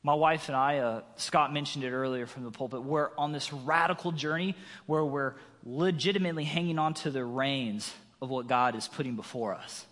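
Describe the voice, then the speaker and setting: A man's voice: medium pitch, moderate pace, a bit bright. A man in his thirties preaching a sermon, telling a personal story and acting out quotes with a raised voice. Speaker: guest preacher. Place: church sanctuary. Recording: long reverb of a large hall.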